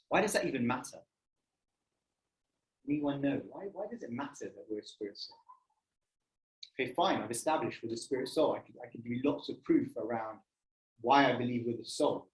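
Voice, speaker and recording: Heard through poor audio, a medium-pitched man runs a spiritual society session. He keeps it loose and chatty, using lots of fillers and often questioning his audience, both present and online.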